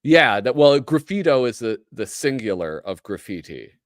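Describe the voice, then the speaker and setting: A man's voice: medium pitch, sing-song, normal speed, no echo, studio quality. A man with a Midwestern American accent, hosting a casual livestream, chatty and joking as he reads aloud. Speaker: host.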